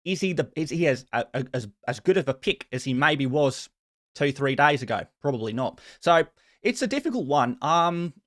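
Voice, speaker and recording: Breezy put-on Australian bloke, voiced by a man, slangy banter, slightly high voice. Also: animated, normal speed, natural voice. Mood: jokey. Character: man putting on a jokey Australian accent.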